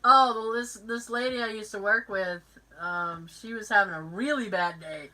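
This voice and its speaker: The recording is rough, but the podcast host comes through clearly as a lively storyteller who mimics everyone in her anecdotes during casual conversation. Her pitch is medium and her pace moderate.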